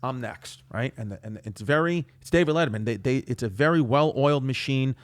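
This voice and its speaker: A man from Queens, a comedian guest telling a story in an animated, self-mocking way. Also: mid-range voice, brisk. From New York, Queens. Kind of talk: storytelling on a talk show.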